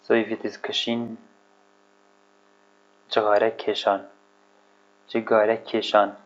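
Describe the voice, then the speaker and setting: Slow, hesitant man teaching vocabulary. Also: fairly low pitch, level tone. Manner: hesitant, searching for words, repeats himself. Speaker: language teacher. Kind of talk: casual vocabulary lesson, thinking aloud. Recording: dull lo-fi recording.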